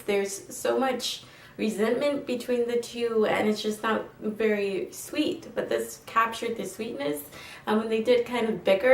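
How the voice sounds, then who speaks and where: Young woman vlogger, chatty and effusive, recorded at a distance in an echoey room. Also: fairly high pitch. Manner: gushing, chatty, many fillers. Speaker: film reviewer. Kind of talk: casual film review vlog. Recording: roomy, mic at a distance.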